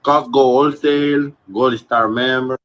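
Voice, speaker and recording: A man doing a heavy Spanish accent as he reads out store names in a drawn-out, amused way. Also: medium pitch, steady tone, fairly bright tone, close to an everyday voice, low-quality recording. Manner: drawn out, amused, breaking into laughter.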